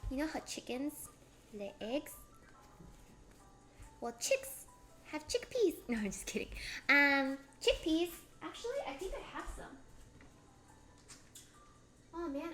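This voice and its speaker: Bubbly high-voiced woman chatting while cooking. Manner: bubbly, giggly, talks to chat while cooking. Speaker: cooking streamer. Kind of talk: casual cooking stream chat.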